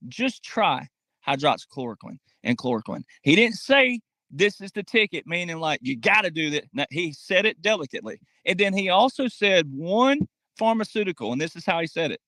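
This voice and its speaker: A man's voice: high-pitched, lively intonation, moderate pace, sharp tone, dry recording. A man delivering a political commentary monologue, emphatic and talking straight to his audience, acting out quotes in mocking voices. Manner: emphatic, addresses audience directly.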